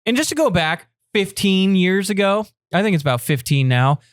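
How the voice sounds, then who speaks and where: A man's voice: high-pitched, big pitch swings, normal speed, no room sound, clean studio sound. A man co-hosting a casual podcast, chatty and teasing, laughing often. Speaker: podcast co-host. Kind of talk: casual sports chat.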